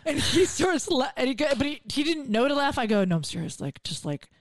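A woman's voice: sits high, brisk, no room sound, clean studio sound. A woman comedian telling stories in a casual podcast chat, acting out the people she quotes. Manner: animated storytelling, acts out quotes. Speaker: comedian guest.

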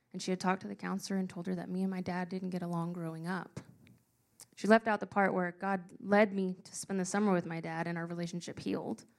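A young woman telling a personal story to a live audience, earnest and emotional, slowing down for emphasis. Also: lowish voice, vocal fry, a little mellow. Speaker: speaker sharing a personal story.

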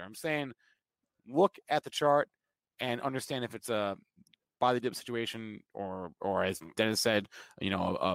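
A man with a New Jersey accent co-hosting a market show, rushing through his points and stumbling over repeated words. The sound is dry and close, with no room around it. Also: medium pitch, no echo. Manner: quick, stumbling restarts. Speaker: co-host. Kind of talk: fast casual market talk.

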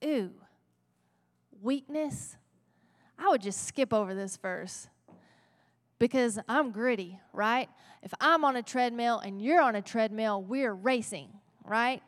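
A woman pastor preaching a sermon in a playful, conversational way, often checking in with the congregation. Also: a little high. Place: church sanctuary. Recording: long church reverb.

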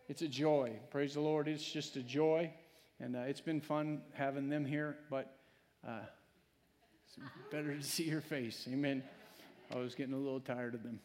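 A man preaching a sermon as pastor in a church, emotional and swelling from soft talk to loud preaching. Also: fairly high pitch. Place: church sanctuary. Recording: long hall reverb.

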